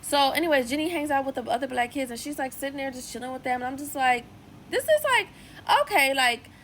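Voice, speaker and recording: Young woman, high voice, chatty show recap, lots of "like", faint background hum. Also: quick pace, rough recording. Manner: chatty recap peppered with "like", lively asides. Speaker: TV series reviewer. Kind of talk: casual episode review vlog.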